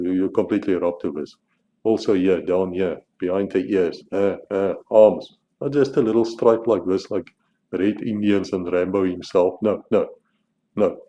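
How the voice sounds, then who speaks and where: A man's voice: deep voice, mellow, dull audio. A South African man talking bluntly as a channel host, restarting and repeating words as he argues his point. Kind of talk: opinionated monologue to camera.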